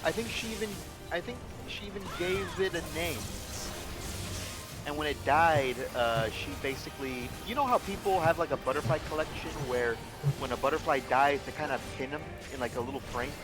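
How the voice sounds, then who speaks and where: A man's voice: a little high, fairly quick. A man streaming a game, chatting casually in a rambling, playful way and often correcting himself mid-sentence. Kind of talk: casual chat while gaming. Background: game music.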